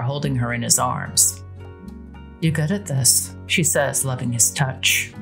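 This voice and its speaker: A woman with a low voice narrates a romance in a steady, intimate way. Quiet music plays faintly beneath her. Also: vocal fry. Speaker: storyteller. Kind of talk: romance narration over a life-sim game.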